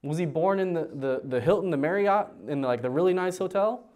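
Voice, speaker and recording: A man preaching a verse-by-verse sermon as a youth pastor, animated, swinging from loud high emphasis to low quiet points, often repeating words as he starts a sentence. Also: a little fast. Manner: animated, rises in pitch and volume for emphasis, drops low on key points.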